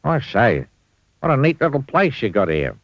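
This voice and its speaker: A man's voice: sing-song, moderate pace, dry recording. A man voicing a clumsy, cheerful, untidy grown man in a storybook reading. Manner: high, bouncy and grinning. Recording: dull lo-fi dry recording.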